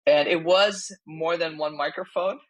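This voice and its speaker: Brief: comedian woman, animated storyteller, close dry mic. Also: low voice, measured pace, no echo, poor audio. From Germany. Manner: animated storyteller, quotes herself often. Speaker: stand-up comedian, guest. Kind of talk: casual podcast chat.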